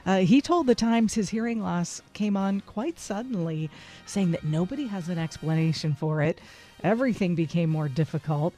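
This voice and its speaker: A woman's voice: lowish voice, animated, normal speed, mellow, faint music behind. A woman hosting a radio show, chatting through entertainment news and quizzing her co-host. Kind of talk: casual entertainment news chat.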